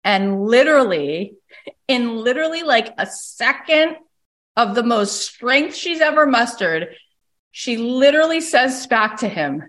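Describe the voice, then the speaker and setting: A woman's voice: fairly high pitch, lively intonation, measured pace, a bit bright. A woman coach on a recorded call, telling a story with energy and acting out the people she quotes. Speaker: coach and podcast host.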